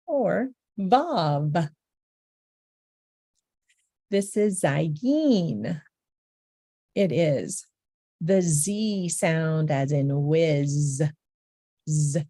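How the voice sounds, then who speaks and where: A woman's voice: low voice, warm tone, no room sound, studio quality. A woman teaching a beginner language lesson, patiently saying each letter sound several times over.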